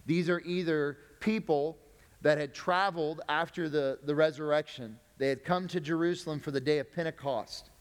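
A man's voice: a little high, steady tone, moderate pace, clean tone, in a large hall. A man preaching a sermon as pastor, folksy, with joking asides to the congregation.

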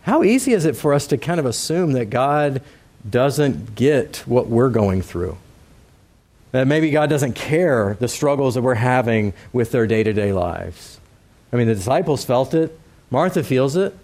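A male preacher with a mid-range voice gives a relaxed, conversational sermon. He asks his listeners questions and talks to them in a direct, casual way. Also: medium pitch, measured pace.

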